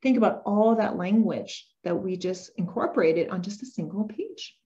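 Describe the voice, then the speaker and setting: A woman's voice: medium pitch, expressive, moderate pace, warm tone. A young adult woman speech therapist teaching parents how to read to children, dropping into an exaggerated sing-song read-aloud voice full of gasps. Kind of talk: parent-education talk with animated read-aloud. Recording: dull lo-fi recording.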